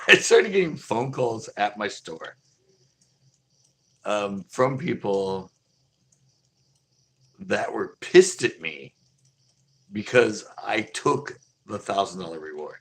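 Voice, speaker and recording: A man's voice: lowish voice, creaky, a bit bright. A man who runs a local store, telling a casual live story in a rambling, profane way with many restarts. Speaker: local fish store owner.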